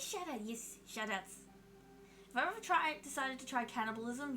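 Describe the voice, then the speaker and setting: A woman's voice: high-pitched, expressive, normal speed, heavy background noise. A woman streamer with a put-on Australian accent and a congested throat, chatting playfully and scolding her chat. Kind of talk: casual live-stream chat. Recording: background music playing.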